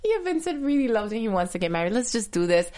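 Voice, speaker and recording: A woman with a Caribbean accent co-hosting a TV recap podcast in a casual chat. She giggles often and acts out lines with emphasis, in a mid-pitched voice. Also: fast talker, a little mellow. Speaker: podcast co-host.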